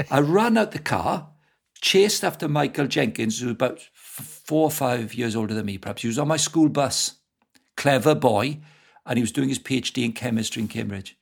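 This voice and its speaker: A man's voice: medium pitch, normal speed, vocal fry, slightly rough. A middle-aged Welsh man from Wales, a guest evangelist telling stories in a casual interview and laughing often. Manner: lively storyteller who laughs often.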